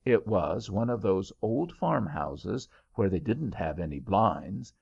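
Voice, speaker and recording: Slow gravelly storybook narrator, a man. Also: on the low side, big pitch swings, a little mellow. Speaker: audiobook narrator. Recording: dull lo-fi audiobook recording.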